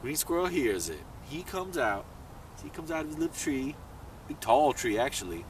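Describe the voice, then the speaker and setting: A man narrating a children's adventure story in an animated, playful way, swooping high for excited questions. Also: normal speed, distant mic, a little hiss or hum.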